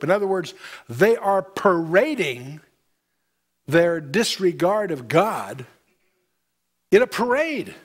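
A man's voice: high voice, sing-song, slow pace, long pauses. A man giving a verse-by-verse Bible lecture, reading scripture aloud and breaking in with pointed commentary. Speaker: Bible teacher.

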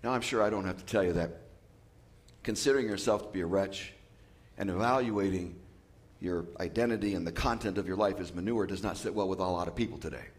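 A man preaching a sermon as pastor, lively and joking with asides. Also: sits low, fairly quick. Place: church.

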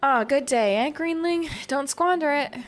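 A woman voicing a gruff, proud runaway villager from a cozy game in a rough put-on accent. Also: medium pitch, moderate pace, fairly bright tone, faint music behind, close to an everyday voice.

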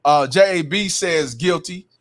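A man hosts a casual livestream and reads viewer comments out one after another. His voice sits a little high, and he talks emphatically, agreeing with each verdict as he goes. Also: unhurried, a bit bright. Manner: emphatic, repeats "hundred percent", reads chat names. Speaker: livestream host.

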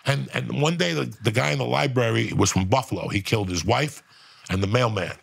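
A man's voice: medium pitch, brisk, creaky, slightly rough. A middle-aged man telling a profane prison story on a podcast, acting out quotes as he goes. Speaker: podcast guest.

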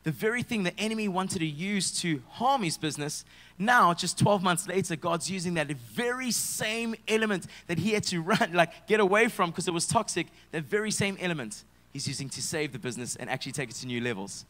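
Pastor preaching a sermon. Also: male voice, high voice, lively intonation, brisk. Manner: dynamic, swings from loud shouts to soft hushed tones. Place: church.

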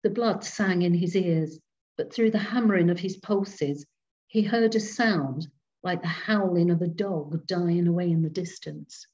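A woman reading a ghost story aloud at home to a group on a video call, slow and deliberate. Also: fairly low pitch, a little mellow. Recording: dull video call audio.

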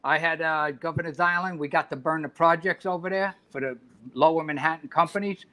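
A man's voice: on the high side, steady tone, brisk, bright, forceful tone. A middle-aged man, a former fire chief telling blunt, profane stories as a podcast guest and laughing as he goes. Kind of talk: casual chat, storytelling.

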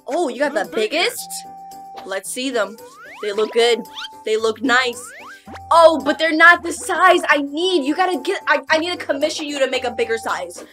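A woman hosting a casual reaction video, animated and exclamatory, laughing often. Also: high-pitched, unhurried, faint music behind.

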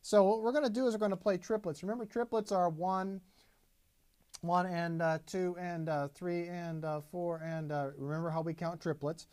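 A man's voice: sits high, steady tone, moderate pace, darkish tone. A man teaching a drum lesson, patiently explaining and counting beats aloud as he plays. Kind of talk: instructional demonstration.

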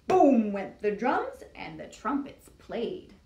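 A woman's voice: on the high side, very animated, takes it slowly, creaky, warm tone. A woman librarian reading a picture book aloud to young children in a sing-song storytime style, putting on voices. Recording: echoey room, distant mic.

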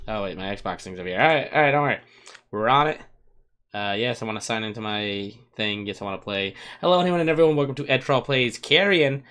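A man's voice: on the low side, fast, a bit bright, clear, resonant tone. A man hosting a casual let's-play, joking and talking to the characters on screen as he plays. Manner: playful, jokey, talks to game characters. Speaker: gaming video host.

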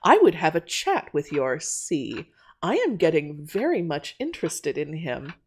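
A lively young lady visitor in an old-fashioned audio drama, voiced by a woman. She gushes playfully and theatrically. Her voice dances over a wide range of pitch. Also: unhurried, slightly rough, exaggerated voice. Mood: amused.

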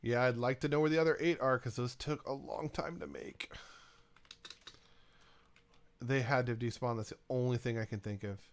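A man's voice: mid-range voice, brisk, hardly any pauses, smooth. Rambling man narrating his gameplay. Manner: talks to himself and game items, rambling. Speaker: gaming YouTuber. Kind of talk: casual let's-play commentary.

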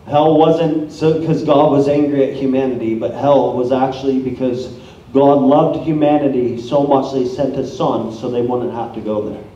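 A man's voice: medium pitch, normal speed. A man preaching a sermon, telling personal stories with energy and acting out the people in them. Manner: energetic, storytelling, acts out quoted people. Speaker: guest preacher. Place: church hall. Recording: echoey hall, from far off, dull sound.

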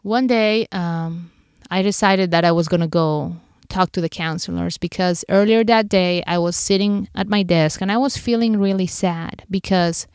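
A woman's voice: lowish voice, normal speed, a little mellow, smooth, no echo, clean studio sound. A woman podcast host candidly retelling an emotional personal story, acting out her own inner thoughts as she goes.

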